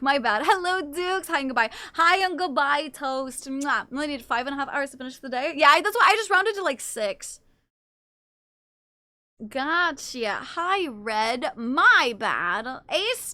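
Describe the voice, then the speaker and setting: Chatty woman streamer, high bright voice, playful and a bit foul-mouthed, dry close recording. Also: no echo. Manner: chatty, playful, reads chat aloud, swears casually. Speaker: livestreamer. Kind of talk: casual livestream chat.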